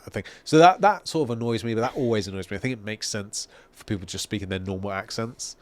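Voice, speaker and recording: Low-voiced opinionated man. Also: fast talker. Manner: opinionated, rambling, swears casually. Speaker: podcast co-host. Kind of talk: casual chat.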